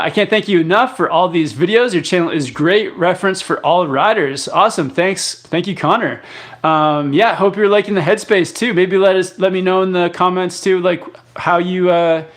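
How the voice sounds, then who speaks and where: A young man from Canada hosting a live stream, casually reading viewer comments aloud and answering with lots of fillers and restarts. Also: high-pitched. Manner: relaxed, rambling, many fillers and restarts. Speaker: live chat host.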